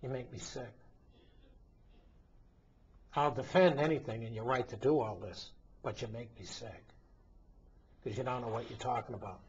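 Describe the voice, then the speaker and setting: A man's voice: mid-range voice, moderate pace, long pauses, darkish tone, slight background noise. A male priest hosting a talk show, delivering an emphatic, indignant commentary full of rhetorical questions. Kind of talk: impassioned commentary monologue. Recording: dull lo-fi recording.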